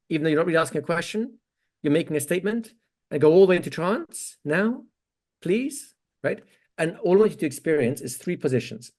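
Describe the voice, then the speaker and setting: A man's voice: fairly high pitch, darkish tone. A man teaching hypnosis, explaining step by step and checking in with his student as he goes. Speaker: hypnosis instructor. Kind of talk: teaching demonstration.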